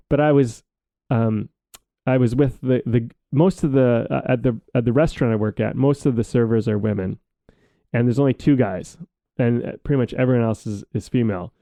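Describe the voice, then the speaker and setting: Man in a podcast chat, warm mellow voice, dry close mic, muses out loud and curses casually. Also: mid-range voice, gravelly, no echo. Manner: reflective, rambling, swears casually. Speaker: podcast co-host.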